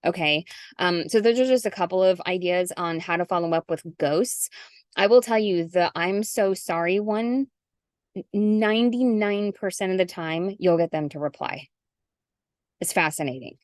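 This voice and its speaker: Brief: middle-aged woman sales coach, chatty and animated, dry close video-call mic. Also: on the low side, moderate pace, no room sound. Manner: chatty, animated, acts out sample messages. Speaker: guest coach. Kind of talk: casual zoom call.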